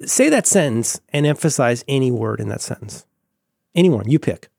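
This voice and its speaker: A man chatting casually about tech as a podcast co-host, excitable and rambling with many restarts. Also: mid-range voice, moderate pace, vocal fry, no room sound, clean studio sound.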